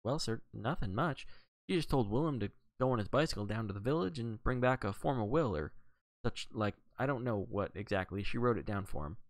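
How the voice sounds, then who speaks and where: A man voicing a slow, cautious old gardener. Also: on the low side, expressive, dry recording. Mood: deferential. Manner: slow, deferential, mumbling. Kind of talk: audiobook character reading.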